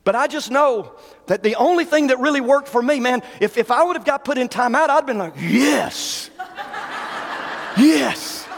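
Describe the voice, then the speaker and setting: High-voiced preacher in a reverberant hall. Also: male voice. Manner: folksy, conversational preaching, reads scripture slowly. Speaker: pastor. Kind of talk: sermon.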